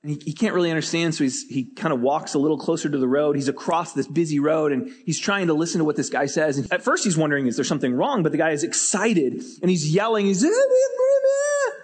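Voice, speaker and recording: Animated male preacher in a reverberant hall. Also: fairly high pitch, quick pace, hardly any pauses, breathy edge. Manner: animated storytelling, repeats words when starting phrases. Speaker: pastor. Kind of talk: sermon.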